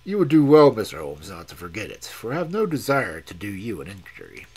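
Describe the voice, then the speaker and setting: A man reading aloud and voicing a fierce, hot-tempered male explorer in a gruff, threatening, low voice with a husky tone. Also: big pitch swings, fairly quick, full character voice. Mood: menacing.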